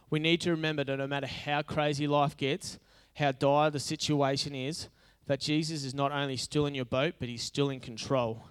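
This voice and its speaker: A man's voice: a little high, flat delivery, a little fast, few pauses, clear, resonant tone. Resonant-voiced male pastor preaching. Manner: conversational, humorous, builds to emphatic repetition. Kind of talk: sermon.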